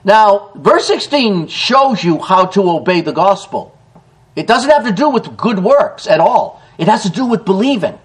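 Male pastor, sermon; emphatic, lively, higher-pitched delivery with big swings. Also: measured pace, low-quality recording. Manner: emphatic preaching, reads scripture aloud with rising emphasis; swings between loud declarations and low, quiet asides.

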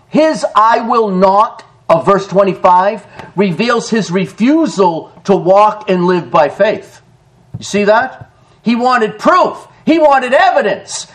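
Emphatic preaching man, lively high voice. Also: rough recording. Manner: emphatic preaching, reads scripture aloud with rising emphasis; swings between loud declarations and low, quiet asides. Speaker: pastor. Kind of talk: sermon.

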